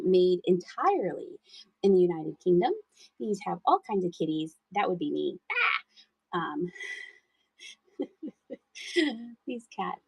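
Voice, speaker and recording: A woman's voice: mid-range voice, vocal fry, breathy edge, no room sound, poor audio. Chatty, giggly woman selling thrift finds. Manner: chatty, giggly, talks to chat viewers. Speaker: live-stream thrift seller. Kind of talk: casual live-selling chat.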